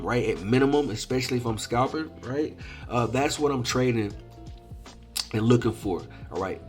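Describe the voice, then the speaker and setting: A man teaching day trading over chart examples, emphatic and repetitive, often checking in with "all right?". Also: mid-range voice. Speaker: trading coach. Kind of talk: screen-share trading lesson.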